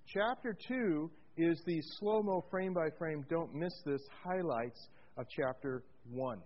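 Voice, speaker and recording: A man's voice: fairly high pitch, a little slow, dull audio. A man preaching a sermon, walking his congregation through a Bible passage, putting questions to them and slipping in jokes. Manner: animated, asks the congregation questions, tells jokes. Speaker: pastor.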